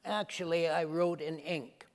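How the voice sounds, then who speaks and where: A man impersonating a fussy, high-voiced older male writer with a drawn-out, prim delivery. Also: fairly even intonation, heavy background noise. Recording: long hall reverb.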